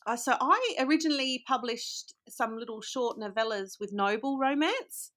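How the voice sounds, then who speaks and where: Australian woman guest, relaxed and rambling. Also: on the high side, moderate pace. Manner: relaxed, rambling, hesitant with fillers. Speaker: guest author. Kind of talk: casual interview chat.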